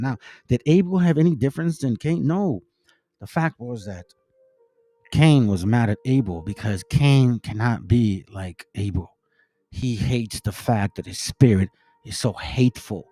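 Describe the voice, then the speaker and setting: A man's voice: medium pitch, dark tone, no room sound. A man teaching from the Bible in a loose, slangy way, acting out bits of dialogue as he goes. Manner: preachy, slangy, acts out dialogue. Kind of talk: informal Bible commentary.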